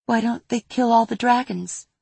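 A woman's voice: a little high, moderate pace, creaky, a little mellow, breathy edge, no echo, pitched above the performer's own voice. A woman voicing a curious, timid little girl full of questions. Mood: curious, anxious. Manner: eager, questioning.

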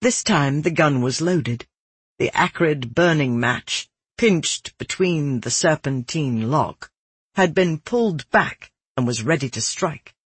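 A man reading a first-person story aloud in a steady, descriptive way. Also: fairly high pitch, slow, husky, no echo. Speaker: audiobook narrator. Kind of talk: scripted first-person narration.

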